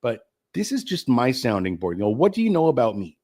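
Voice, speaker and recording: A man's voice: mid-range voice, big pitch swings, brisk, darkish tone. A middle-aged man getting over the flu and short of breath, hosting his own live-streamed talk show in a candid, rambling way and swearing freely.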